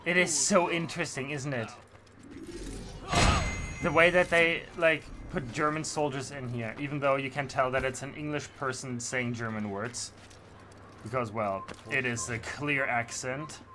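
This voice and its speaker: A man's voice: mid-range voice, fairly even intonation, unhurried, noisy background. A man streaming a video game, rambling in passionate, opinionated casual commentary. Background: game music.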